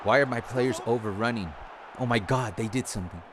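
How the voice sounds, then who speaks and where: A man's voice: mid-range voice, a little fast, noisy background. A man streaming a football video game, commentating live and ranting in frustration with constant swearing. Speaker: gaming streamer.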